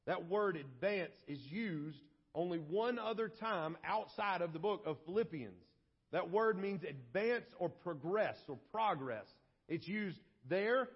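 A man preaching a sermon as pastor, walking slowly through Bible verses and now and then acting out short scenes. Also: sits high, breathy edge. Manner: explains verses slowly, acts out scenes in voices. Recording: dull lo-fi sermon audio.

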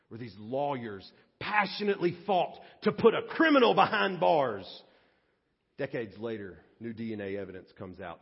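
A man's voice: on the high side, gravelly, husky. Dramatic preacher man in a reverberant hall. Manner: dramatic preacher, swings from loud to hushed. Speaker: pastor. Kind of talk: sermon. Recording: dull lo-fi audio with long church reverb.

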